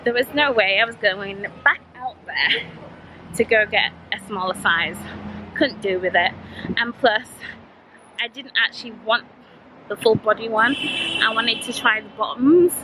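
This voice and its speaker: A woman's voice: fairly high pitch, unhurried, pauses often, background noise. Blunt young Yorkshire woman telling a story. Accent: Yorkshire English. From Yorkshire, England. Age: young adult. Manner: blunt, animated, acts out both sides of the exchange. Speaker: vlogger. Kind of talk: casual storytelling vlog.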